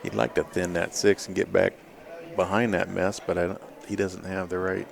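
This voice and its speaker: A man giving measured, laid-back play-by-play commentary on a pool match. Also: low voice, little pitch movement, creaky.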